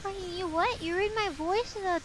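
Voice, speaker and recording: A young woman with a strikingly high, girlish voice chats with her viewers while she plays. She teases them, curses freely and keeps the banter playful. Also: a little fast, noisy background. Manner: playful, swearing, teasing banter with chat. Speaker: game streamer. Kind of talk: casual live gameplay stream chat.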